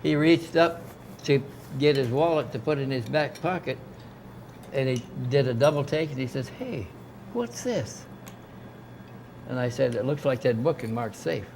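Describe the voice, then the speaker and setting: Older man, rambling storyteller voicing quoted people, mid pitch, faint noise behind. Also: moderate pace, creaky, a little mellow. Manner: rambling anecdotal, acts out quoted dialogue. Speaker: interviewee recounting experiences. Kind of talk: casual storytelling.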